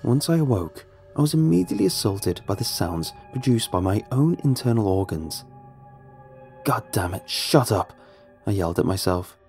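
A man's voice: fairly low pitch, warm tone, breathy edge. A young man telling a first-person horror story in a tense, brooding narration. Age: young adult.

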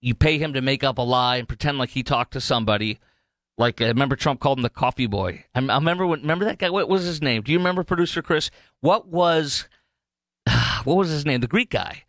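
A man's voice: medium pitch, fast, fairly bright tone, no room sound. Male talk radio host, rambling opinionated monologue, dry close studio sound. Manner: rambling, digressive, mocking impressions.

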